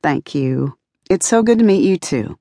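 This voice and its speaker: A woman's voice: sits low, animated, a little slow, mellow, dry recording. A woman voicing a young female filmmaker who answers in a wry, dryly self-deprecating way.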